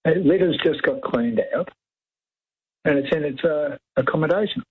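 Raspy Australian man calling in over a tinny phone line, rambles on. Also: fairly high pitch, moderate pace. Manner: rambling, talks over the host. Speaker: caller. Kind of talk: phone-in radio chat. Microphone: telephone.

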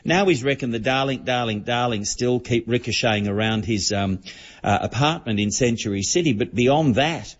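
A man's voice: medium pitch, lively intonation, normal speed, breathy edge. A man, telling celebrity gossip as an entertainment reporter on a radio show in a chatty, storytelling manner. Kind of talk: casual radio chat. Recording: dull lo-fi broadcast audio.

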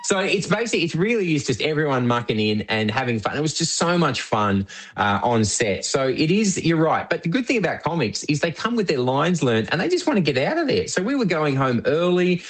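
An Australian man, a writer and director, chatting as a guest and telling lively anecdotes. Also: on the high side, fairly quick, few pauses. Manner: animated storyteller. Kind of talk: casual chat.

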